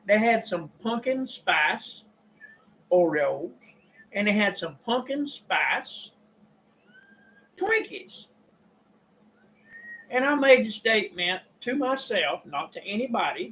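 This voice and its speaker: An older man with a Kentucky drawl, talking in a rambling, folksy monologue and clearing his throat often. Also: high-pitched, bright, forceful tone, slight background noise, poor audio. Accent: Southern US (Kentucky). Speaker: YouTube preacher and storyteller. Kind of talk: casual monologue.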